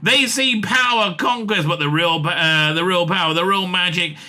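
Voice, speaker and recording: A man's voice: sits high, bright, forceful tone. A man reading as an earnest time-traveling alien hero. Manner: reads haltingly with fillers and restarts.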